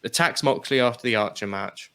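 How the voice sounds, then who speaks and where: Male co-host, bright tense tone, animated casual chat about wrestling. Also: mid-range voice, a little fast, clear, resonant tone. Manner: animated, laughs, swears casually. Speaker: podcast co-host.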